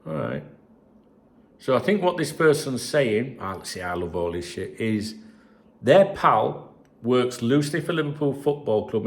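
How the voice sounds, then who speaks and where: A creaky, lowish male voice belongs to a football channel host. Alone on mic, he reads viewers' messages aloud and chats in a rambling, profanity-laced way.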